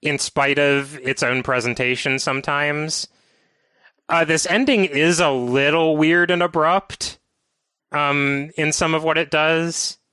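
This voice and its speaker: Podcast host, male, bright and smooth voice, dry close sound, methodical recapper. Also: a little high, fairly even intonation, slow pace, no echo. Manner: detailed, methodical game walkthrough talk. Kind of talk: casual podcast chat.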